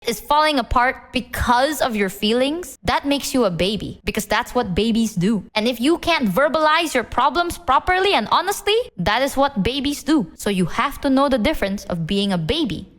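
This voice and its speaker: Stern blunt mother lecturing, reverb on, as a woman streamer quotes her; lively pitch. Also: normal speed, few pauses. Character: stern blunt mother handing out life advice.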